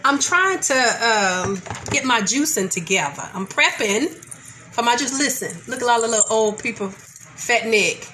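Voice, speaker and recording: Woman vlog host, high-pitched, slow and easy delivery, slight congestion, quick to laugh, frank and salty. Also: lively intonation, sharp tone, slight background noise. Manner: laughs often, loose and candid with mild profanity. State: mildly congested. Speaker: vlog host greeting live viewers. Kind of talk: casual live chat while cooking.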